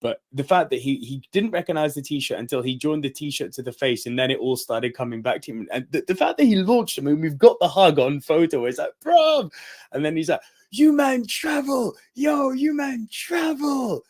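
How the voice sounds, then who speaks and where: An energetic man in a casual podcast chat. He tells his story with animation, slips into the voices of the people he quotes, and laughs often as he talks. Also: medium pitch, a little fast, few pauses. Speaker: podcast co-host.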